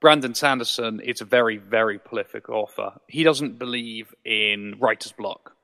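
A man co-hosting a podcast, explaining an author's work in a measured, casual way. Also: medium pitch, fairly bright tone, big-room sound. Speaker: podcast co-host. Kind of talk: casual book discussion.

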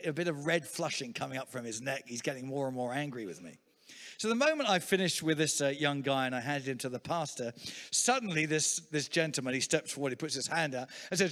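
A man's voice: fairly high pitch, long reverb tail. A middle-aged man preaching a sermon, telling stories with humor. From England. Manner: lively, humorous storytelling preacher. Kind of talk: sermon with storytelling.

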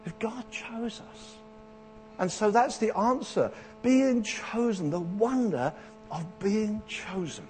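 A man preaching a sermon in a church, animated, acting out the voices of people in Bible stories. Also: sits high, a little slow, slight background noise. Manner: animated, acts out Bible voices with rising intensity.

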